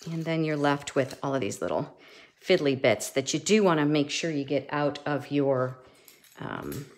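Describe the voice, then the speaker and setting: A woman's voice: low voice, gravelly, noisy background. A woman giving a casual craft tutorial, chatty and thinking aloud as she works, often restarting her sentences. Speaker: papercraft instructor.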